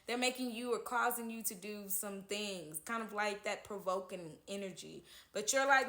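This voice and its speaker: A woman's voice: mid-range voice, moderate pace, few pauses, fairly bright tone, reverberant, slight background noise. A woman giving a casual tarot horoscope reading, chatty, who keeps checking in with "okay?" at the end of her lines. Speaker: tarot reader.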